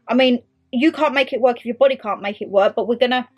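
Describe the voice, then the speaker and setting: A young British woman chatting excitedly to viewers and to her clothes in a casual haul video. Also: on the high side, fast talker, husky, dull audio. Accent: British English. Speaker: vlogger. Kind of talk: casual try-on haul chat.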